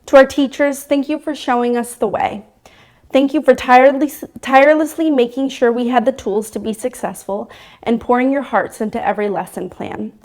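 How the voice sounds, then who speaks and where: High-voiced young woman giving a graduation speech. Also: a little mellow. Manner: earnest, grateful, read-aloud delivery. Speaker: graduating nursing student.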